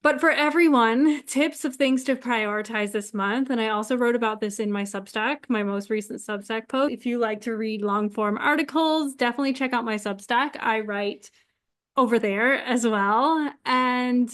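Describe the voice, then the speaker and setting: A young woman giving relaxed, chatty astrology advice straight to her viewers, laughing often and sprinkling in "like". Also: on the high side. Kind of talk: casual solo advice talk to camera.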